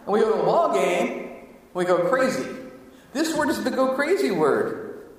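Animated preacher in an echoey church hall. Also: male voice, extremely high pitch, normal speed, a little hiss or hum. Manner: animated, swings from hushed asides to loud exclamations. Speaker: pastor. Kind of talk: sermon. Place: church sanctuary. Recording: echoey hall, mic at a distance.

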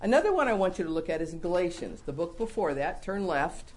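Woman, Bible teacher, lowish voice, conversational, repeats herself, punchy emphasis. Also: big pitch swings, fast, darkish tone. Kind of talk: sermon-style Bible teaching.

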